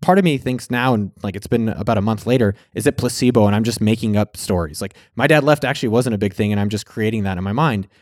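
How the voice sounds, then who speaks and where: A man's voice: on the low side, fast talker, hardly any pauses, no echo, clean studio sound. A man vlogging in a casual storytelling style. He speaks candidly, swears freely, and acts out his own past words.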